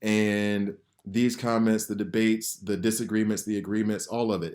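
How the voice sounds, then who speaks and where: A man's voice: lowish voice, little pitch movement, normal speed, darkish tone. A man hosting a gaming channel, talking in an earnest, rambling way with many fillers and restarts as he gives a heartfelt personal message, emotional at times. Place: home, sirens heard outside.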